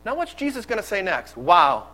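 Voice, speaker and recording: A man's voice: sits high, lively intonation, moderate pace, a bit bright, rough recording. A man preaching a sermon in a candid, conversational storytelling manner.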